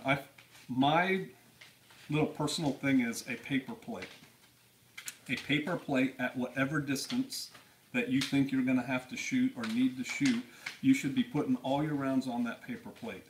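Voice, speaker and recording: Brief: male co-host, easygoing storyteller who laughs often, mid pitch, heard from a distance with faint hiss. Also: steady tone, moderate pace. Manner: laughing storyteller, acts out quotes in a raised voice. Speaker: podcast co-host. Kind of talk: casual live-stream chat. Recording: distant mic, faint noise.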